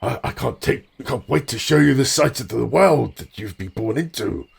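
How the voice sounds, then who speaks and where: A man playing a gravelly adventurer doting on a dragon. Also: medium pitch, lively intonation. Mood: tender awe. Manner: tender, awed, halting.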